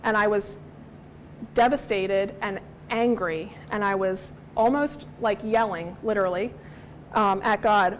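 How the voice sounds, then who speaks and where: A woman's voice: mid-range voice, unhurried, a little hiss or hum, poor audio. A woman in her thirties teaching a Bible study, earnest and personal, sometimes acting out the voices she quotes.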